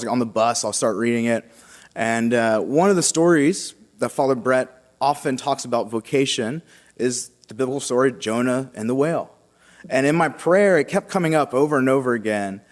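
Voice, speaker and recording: A young man sharing his personal faith story with a congregation, halting and casual with many fillers and restarts. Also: medium pitch. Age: young adult. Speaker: seminarian giving a vocation talk. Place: large church. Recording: long church reverb.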